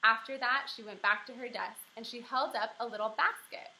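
A woman teacher reading a children's book aloud to young pupils, acting out the dialogue with lively expression. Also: a little high, moderate pace, few pauses, slight background noise, rough recording. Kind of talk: children's read-aloud narration.

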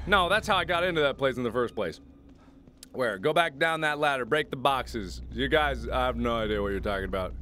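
A man in his twenties playing a game and chatting jokily with his viewers in an excitable way. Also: medium pitch, a little hiss or hum. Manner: excitable, jokey, talks to viewers. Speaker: gaming host. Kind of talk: let's play commentary.

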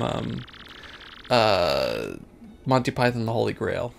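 A man's voice: mid-range voice, animated, unhurried, creaky, a little hiss or hum. A man casually commenting on a video game, rambling and self-mocking with lots of hesitation. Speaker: let's play host.

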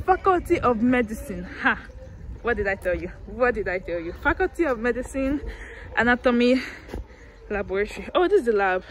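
A woman's voice: on the high side, very animated, fairly quick. Chatty young woman on a walking campus tour. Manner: chatty, self-mocking, talks to viewers while walking. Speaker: vlogger giving a campus tour. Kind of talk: casual walking vlog. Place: outdoors on a university campus.

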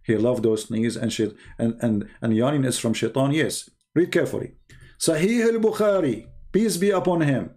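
Male host, high-pitched, sarcastic and incredulous, with non-standard English grammar. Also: a little mellow. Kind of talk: mocking religious commentary.

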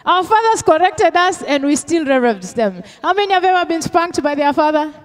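A woman's voice: extremely high pitch, expressive, a little fast. A middle-aged woman pastor, preaching a sermon with call-and-response questions and Swahili phrases mixed in.

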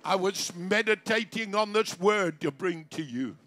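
A man pastor preaching a fiery revival sermon from South Africa, shouting praise and speaking in tongues. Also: sits high, lively intonation, a little slow, soft background music. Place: outdoor city square service.

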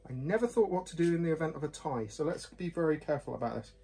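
Man, husky voice, fairly high, chatty and rambling, self-deprecating. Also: animated, fast talker, darkish tone. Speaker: whisky reviewer. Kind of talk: casual chat to camera.

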